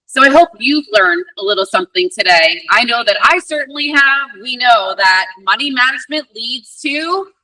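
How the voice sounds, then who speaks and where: A woman's voice: a little high, expressive, moderate pace, hardly any pauses, sharp tone. A woman moderating a virtual Q&A for students, with an upbeat, encouraging manner. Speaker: event moderator. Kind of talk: hosting a virtual Q&A. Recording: distant mic on a virtual event.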